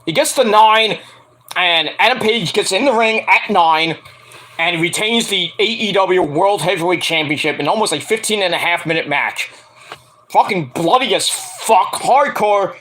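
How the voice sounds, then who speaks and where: An animated man recaps a wrestling match in casual, profane talk. His voice sits high and bright. He keeps breaking into acted-out quotes between his ums. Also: normal speed, poor audio. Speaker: wrestling reviewer.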